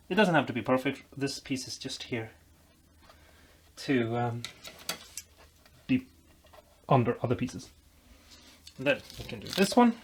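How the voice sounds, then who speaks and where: A man's voice: mid-range voice, slight background noise. A man vlogging as he builds a guitar, explaining while he works, rambling and making self-deprecating jokes. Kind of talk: casual workshop tutorial chat.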